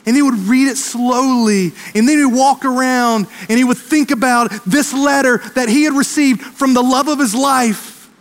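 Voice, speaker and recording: A pastor delivers a fervent sermon in a strikingly high male voice. He races through some lines and slows others for weight. The sound rings with the long reverb of a big church hall. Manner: fervent preaching, quickening and slowing for emphasis.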